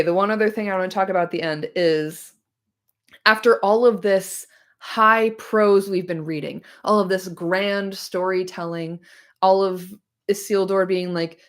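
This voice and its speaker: A woman streamer chatting casually and profanely about a book, animated and ranting, her voice a little hoarse. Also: mid-range voice. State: slightly hoarse. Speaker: streamer discussing a book chapter. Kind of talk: casual livestream chat.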